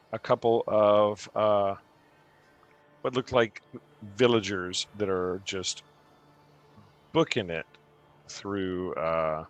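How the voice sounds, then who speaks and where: A man's voice: low-pitched, fairly bright tone. A young man narrating a tabletop game as game master, rambling with many fillers.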